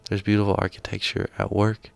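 A man's voice: on the low side, completely flat delivery, a little fast, gravelly, dry recording, faint music behind. A man hosting a casual radio interview, earnest and agreeable, with rambling questions. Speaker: radio host.

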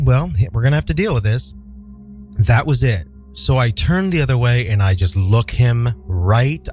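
A man's voice: medium pitch, rough recording. A man from the American Midwest telling a story to his viewers, dry and sarcastic with frequent profanity. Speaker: vlogger. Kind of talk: casual storytelling to camera.

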